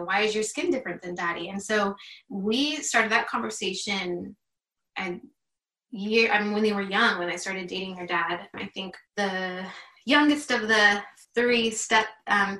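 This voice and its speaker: Earnest, bright-voiced woman in an echoey room. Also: mid-range voice, distant mic. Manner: earnest, heartfelt, chatty with many "like" fillers. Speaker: guest. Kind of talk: candid conversation.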